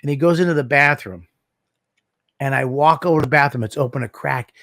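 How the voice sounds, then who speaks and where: A man co-hosting a podcast, telling stories in a casual, animated way, swearing and acting out what people said. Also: mid-range voice, fairly quick, no room sound. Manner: animated storyteller, swears a lot, acts out dialogue. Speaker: podcast co-host. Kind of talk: casual chat.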